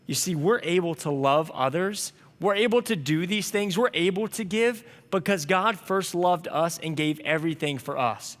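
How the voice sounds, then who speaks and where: A man's voice: high-pitched, normal speed, few pauses, fairly bright tone, long reverb tail. A young man preaching a sermon, telling a story in an earnest, conversational way. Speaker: pastor.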